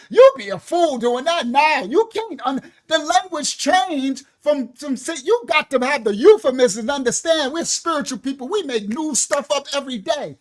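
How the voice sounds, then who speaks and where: Loud, animated high-voiced woman preacher. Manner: animated, joking, slangy asides. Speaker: ministry teacher. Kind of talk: livestream teaching.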